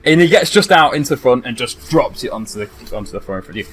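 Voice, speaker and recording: A man runs a tabletop game in a casual, rambling narration that is full of fillers. His voice sits at an ordinary middle pitch. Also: big pitch swings, quick pace, faint music behind. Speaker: game master.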